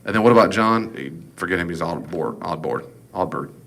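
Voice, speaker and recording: A man's voice: deep voice, expressive, normal speed, a bit bright. A man teaching an informal Bible class, folksy and digressive with joking asides.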